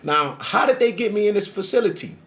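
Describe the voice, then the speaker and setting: A man telling a story in casual, profane street talk, often checking in with "right?", moving between a low calm murmur and loud heated bursts. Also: brisk, a little hiss or hum. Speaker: storyteller recounting his experience. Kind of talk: casual monologue.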